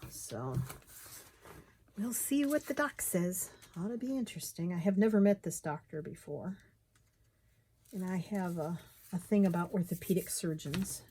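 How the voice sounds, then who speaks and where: A woman's voice: fairly low pitch, normal speed, long pauses, dark tone, slight background noise. A middle-aged woman chatting casually while she crafts, muttering to herself as she works.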